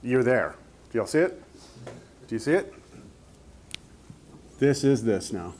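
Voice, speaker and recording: A man's voice: medium pitch, sing-song, measured pace, darkish tone, slight background noise. A man teaching a math class, explaining each step and checking in with the students. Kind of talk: classroom lecture.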